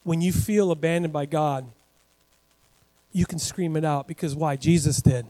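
A man preaching a sermon as pastor, talking in a conversational, animated way with asides to the congregation. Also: on the high side, moderate pace, long reverb tail, poor audio.

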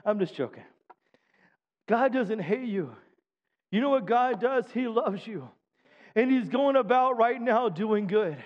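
A middle-aged man preaching a sermon as pastor, emphatic and calling out for amens from the congregation. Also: very high-pitched. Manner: emphatic preaching with frequent call-outs for amen. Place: church sanctuary. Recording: dull sound with long hall reverb.

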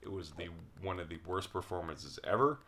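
Deep-voiced guy rambling thru a story, laughs a lot, swears. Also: expressive, fairly quick, fairly bright tone. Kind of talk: casual chat.

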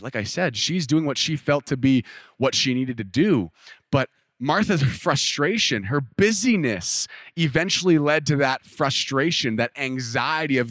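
A man's voice: medium pitch, fairly bright tone, dry recording. A male pastor giving a casual, conversational sermon, often acting out what people in the story might say. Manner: casual, conversational preaching with filler "like" and acted-out quotes.

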